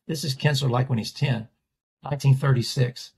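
Guest artist, male storyteller, husky and gravelly, animated retelling. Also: mid-range voice, moderate pace. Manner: animated storyteller, acts out quoted voices. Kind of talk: storytelling in a podcast interview.

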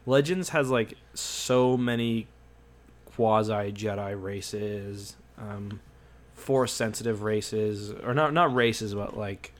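A podcast co-host with a slightly sick voice rambles through a casual chat, full of ums, likes, and restarts in a hesitant manner. His voice is on the low side, and he takes his time.

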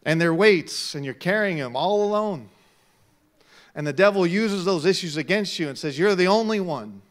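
A middle-aged male pastor preaching a sermon, swinging from quiet talk to loud shouts. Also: high voice, normal speed.

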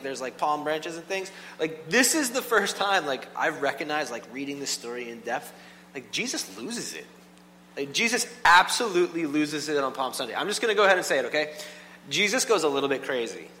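A man preaching a casual, animated sermon, full of "like" and quick asides to the congregation. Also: a little high. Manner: animated, filler-heavy with frequent "like". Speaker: pastor. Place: church hall. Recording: long hall reverb, faint hum.

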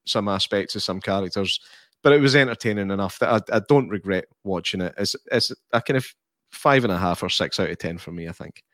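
A man in a casual movie chat, talking in a lively way and laughing easily. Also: deep voice, fairly quick, no room sound.

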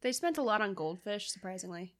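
A woman's voice: mid-range voice, lively intonation, a little fast. A woman co-hosting a podcast, chatting casually about a film with short, dry asides and agreement. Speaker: podcast co-host. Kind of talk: casual film-review chat. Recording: loud background noise.

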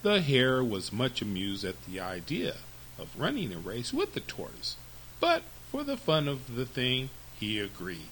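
A man hosting a storytelling podcast, reading fables to children with very expressive, lively narration. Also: medium pitch, slight background noise, rough recording.

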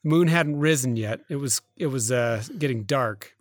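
Halting, filler-heavy man telling a story. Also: medium pitch, no echo, studio quality. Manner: rambling, halting retelling with many fillers and self-corrections. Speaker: podcast co-host. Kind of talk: casual storytelling chat.

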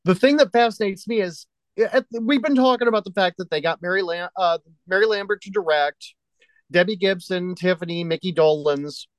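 A man's voice: high voice, brisk, no echo, poor audio. A man co-hosting a podcast, chatting easily about a movie and reading facts aloud from online. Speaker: podcast co-host. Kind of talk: casual movie-review chat.

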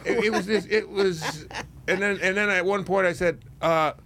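An older man hosting a radio talk show, telling a story in an animated way, laughing and acting out voices. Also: high-pitched, normal speed. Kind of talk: casual storytelling chat.

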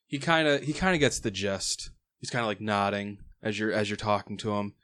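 A man narrates as game master with a somewhat low voice. His delivery is loose and rambling, packed with fillers and quick laughs. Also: fairly bright tone.

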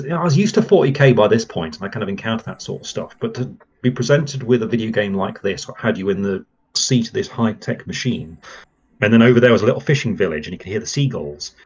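Husky and fairly low-pitched, this man is a podcast guest who chats in a relaxed, rambling, excited way, full of fillers. The recording has its highs cut off.

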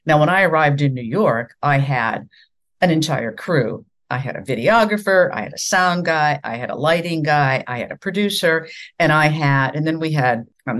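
An older woman from the American Midwest, a former news anchor, telling stories in conversation and acting out the dialogue. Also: low-pitched. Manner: animated storyteller acting out dialogue. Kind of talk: conversational storytelling.

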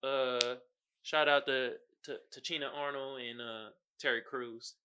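A young man hosting a podcast, riffing in heavy slang, jumping between low mutters and loud outbursts and quoting others as he goes. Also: steady tone, measured pace, smooth. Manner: heavy slang and fillers, quotes others in character. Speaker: podcast host. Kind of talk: casual commentary.

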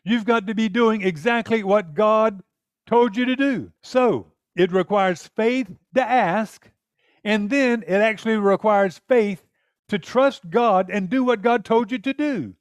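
Preaching earnestly, a high-voiced man hammers home every point and dramatizes prayers as he speaks. He keeps a measured pace, and the sound is close and dry with no room ambience.

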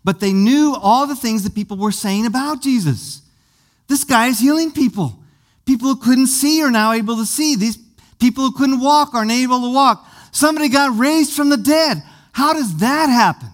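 A man's voice: extremely high pitch, a bit bright. A man preaching a sermon, vividly retelling a scripture story with many questions to his listeners and often repeating small words as he goes.

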